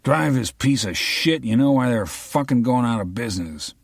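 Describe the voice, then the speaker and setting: A man's voice: mid-range voice, lively intonation, normal speed, creaky, no room sound, studio quality, pitched above the performer's own voice. Man doing a profane, irritable cop. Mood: gruff. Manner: crude, irritable. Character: blunt, profane male police detective.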